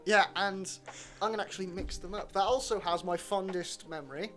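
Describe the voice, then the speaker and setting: A man's voice: high-pitched, brisk, fairly bright tone, faint music behind. A man co-hosting a podcast, rambling and self-deprecating in casual chat. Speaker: podcast co-host.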